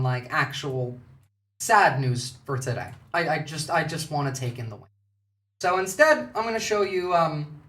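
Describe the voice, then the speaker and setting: A man's voice: sits high, bright, forceful tone. An Australian man talks loosely and off the cuff, cursing freely and stumbling over fillers as he reacts to clips. He sits well back from the microphone in a room that echoes. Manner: casual, profane, filler-heavy. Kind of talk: casual live commentary. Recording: distant mic in an echoey room.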